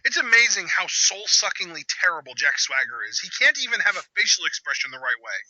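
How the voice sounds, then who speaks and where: A man hosting a casual live reaction chat, with sarcastic, quick banter. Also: sits high, sing-song, sharp tone, no room sound. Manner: sarcastic, fast-talking banter. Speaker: channel host. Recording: dull lo-fi audio.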